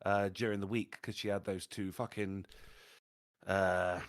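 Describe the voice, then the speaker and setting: Deep-voiced and a little slow, this podcast co-host is recorded with no room sound. He chats casually, telling pub stories full of animated energy, heavy swearing, and frequent laughter.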